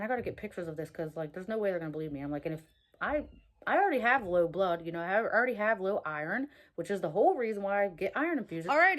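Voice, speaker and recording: A woman talking casually and candidly to her viewers in a rambling personal vlog, with lots of fillers and restarts. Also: medium pitch. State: out of breath. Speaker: vlogger. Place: at work.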